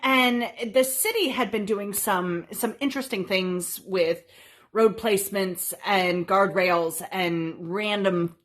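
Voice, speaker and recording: Animated woman telling a story. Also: medium pitch, takes it slowly. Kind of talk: casual storytelling.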